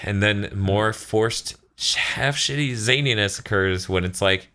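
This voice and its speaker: A man's voice: lowish voice, unhurried, bright, forceful tone. A man co-hosting a casual podcast, sarcastic and profane, mocking the show and acting out characters in silly voices. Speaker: podcast host.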